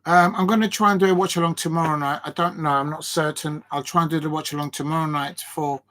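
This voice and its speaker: A man hosts a late-night football stream from home. His voice sits a bit high. He rambles and laughs, sounding out of breath. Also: steady tone, fast talker, a bit bright. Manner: chatty and rambling, laughing between tries at headers. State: tired and short of breath. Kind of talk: live watch-along stream chat.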